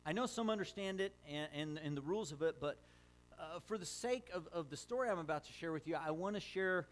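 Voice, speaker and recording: A middle-aged pastor with a slightly high voice preaches a sermon at a fairly quick pace. He tells stories conversationally, with frequent fillers and restarts.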